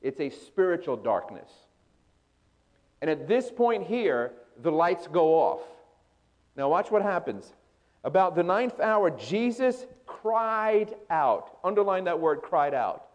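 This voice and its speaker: A man preaching a sermon as a pastor. He questions the congregation and moves between loud emphasis and hushed storytelling. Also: on the high side, big pitch swings, unhurried, dull audio.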